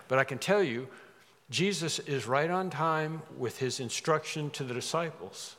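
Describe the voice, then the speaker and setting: A man preaching a sermon, animated, acting out quoted lines with rising emphasis. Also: medium pitch, normal speed, in a large hall.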